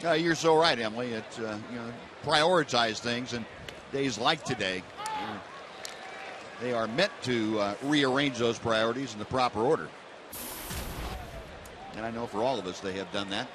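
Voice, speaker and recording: A male baseball play-by-play announcer calling the game in a relaxed, conversational way with frequent fillers, over stadium crowd noise. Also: mid-range voice, moderate pace, pauses often. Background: ballpark crowd.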